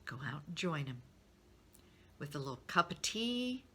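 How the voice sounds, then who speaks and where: A woman's voice: low-pitched, very animated, unhurried, sharp tone, slightly rough. A middle-aged woman speaking to her business network in a candid, encouraging way, openly sharing her feelings. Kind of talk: personal talk to a business network.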